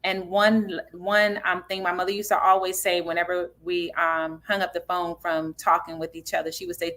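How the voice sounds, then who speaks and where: Woman author-director, interview guest, earnest and reflective, lower pitch, bright tone. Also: little pitch movement, moderate pace, hardly any pauses. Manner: earnest, reflective, faith-centered, frequent fillers. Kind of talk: conversational interview answers.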